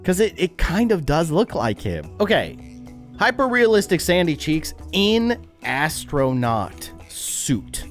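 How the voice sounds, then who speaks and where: A man doing casual reaction commentary as a YouTuber, animated, laughing and easily shocked, on a close desk mic. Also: a little high, slow pace, faint music behind.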